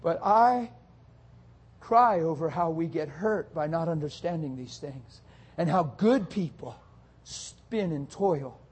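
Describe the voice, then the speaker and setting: Husky pastor preaching with rising intensity. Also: male voice, animated. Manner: swings from soft and low to loud, high-pitched exhortation; rapid-fire rhetorical questions. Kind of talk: sermon.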